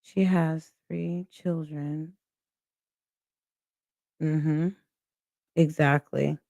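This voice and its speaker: A woman's voice: deep voice, fairly even intonation, creaky, dark tone, dry recording, clean studio sound. A woman hosting a reaction livestream, talking critically and with exasperation to her viewers. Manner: slow, critical, exasperated commentary. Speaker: reaction channel host. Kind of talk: casual commentary to livestream viewers.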